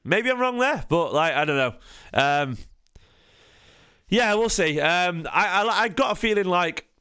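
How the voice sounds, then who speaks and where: A man's voice: sits high, lively intonation, unhurried, pushed and bright, clear, resonant tone. A tired man, hosting a casual football fan stream, rambling with frequent restarts and questions to his chat. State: tired, half asleep. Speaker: football fan channel host.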